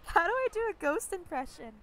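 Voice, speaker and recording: Playful high-voiced young woman gamer. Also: very animated, fairly quick, a little hiss or hum. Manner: chatty, playful, reads game text aloud. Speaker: gaming streamer. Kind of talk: let's-play commentary.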